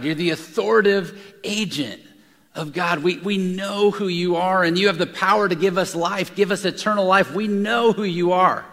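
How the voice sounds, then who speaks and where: A man delivers a sermon in a large room, drifting between personal storytelling and scripture. His voice sits a little high with a gravelly edge, and he often doubles words as he talks. A long reverb trails his voice through the hall. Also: a bit bright. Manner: storytelling with frequent repeated words. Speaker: pastor.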